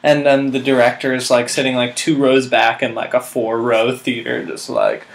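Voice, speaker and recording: A man's voice: mid-range voice, moderate pace. A man in his twenties telling a rambling, self-mocking comic story, full of filler words. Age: 20s. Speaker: vlog host.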